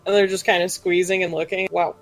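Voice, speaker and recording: A woman's voice: on the low side, flat delivery, fast, soft background music, poor audio. A woman playing a tabletop game, narrating her character casually and laughing often. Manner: laughs often, rambling with fillers. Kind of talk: casual role-play narration.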